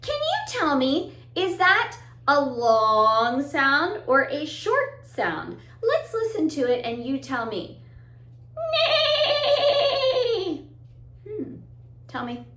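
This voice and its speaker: A woman's voice: sits high, huge pitch swings, slow, sharp tone, slight background noise. A woman teaching a children's music lesson. She talks straight to the kids, encouraging, sing-song, and sometimes breaks into song and animal sounds. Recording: roomy echo.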